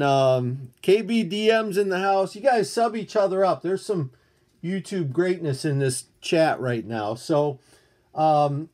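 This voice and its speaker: A man's voice: fairly high pitch, warm tone. An older man hosting a rambling live-stream chat, greeting viewers and showing comics. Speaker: comic book YouTuber.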